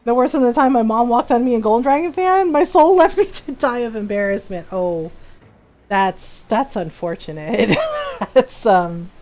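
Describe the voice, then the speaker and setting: A woman's voice: on the high side, a little mellow, a little hiss or hum. A woman in her forties chatting casually while streaming a game, telling stories with frequent laughter. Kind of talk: casual chat while gaming.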